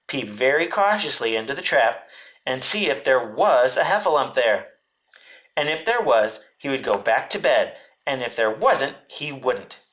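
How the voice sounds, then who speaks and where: A man, a teacher, reading a children's storybook aloud in an expressive way. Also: medium pitch.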